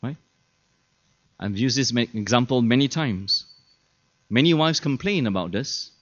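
A man's voice: medium pitch, animated, measured pace. A man preaching a sermon as pastor, chatty and full of rhetorical questions to the audience, often acting out the people he quotes. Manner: acts out quoted people in shifted voices. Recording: dull lo-fi sermon recording.

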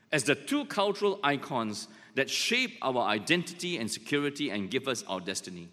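A man's voice: on the high side, a bit bright, long reverb tail. A male pastor preaching a sermon, driving points home with repetition and dropping in jokes. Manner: emphatic, repeats points, joking asides.

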